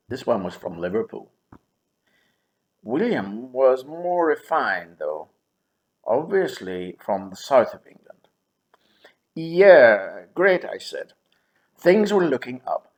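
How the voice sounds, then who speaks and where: A man in his seventies telling his own story in a wry, dryly humorous way, with pauses and drawn-out words. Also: medium pitch. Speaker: memoir narrator. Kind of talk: reflective first-person storytelling.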